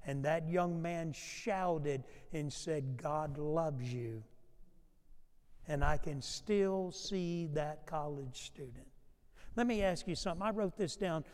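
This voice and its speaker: High-voiced preacher in an echoing sanctuary. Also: male voice, darkish tone. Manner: storytelling preacher who swells in volume when acting out quotes. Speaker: pastor. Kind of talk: sermon. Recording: long hall reverb.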